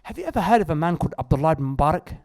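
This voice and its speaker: A man preaching a lively sermon to a live audience in an Islamic centre, joking with the crowd and addressing it directly. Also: a little high, very fast, gravelly.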